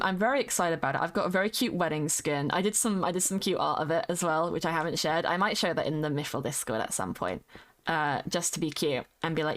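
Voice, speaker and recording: A woman's voice: mid-range voice, fairly bright tone. Chatty, playful British woman streamer. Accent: British English. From United Kingdom. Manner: chatty and playful, sings along, slips into silly voices. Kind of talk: casual chat while gaming.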